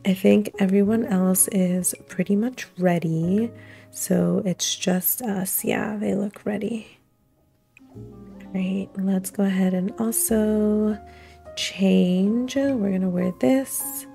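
Young woman narrating her sim game, unhurried and giggly, bit of music playing underneath. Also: mid-range voice, steady tone, gravelly, mellow. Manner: gushing, giggly, playful. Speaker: let's play host. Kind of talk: casual gameplay commentary.

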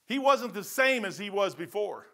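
A man's voice: high voice, expressive, moderate pace, creaky, pushed and bright. A man in his sixties, a pastor with a Midwestern American accent, preaching a sermon in a folksy, emphatic way that repeats phrases for stress.

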